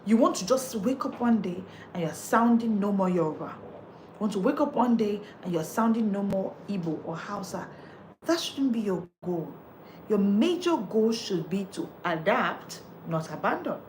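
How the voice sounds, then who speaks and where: A woman's voice: medium pitch, expressive, normal speed, a little mellow, slight background noise. A woman, coaching listeners on how they speak, emphatic and repetitive as she drives each point home. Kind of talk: motivational coaching talk.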